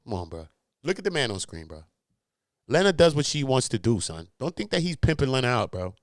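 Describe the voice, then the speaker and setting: A man's voice: mid-range voice, very animated, brisk, a little hiss or hum. A man hosting a commentary show, talking in brash, slang-filled, profane bursts. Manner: brash, swearing, laughing, slangy. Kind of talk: casual commentary.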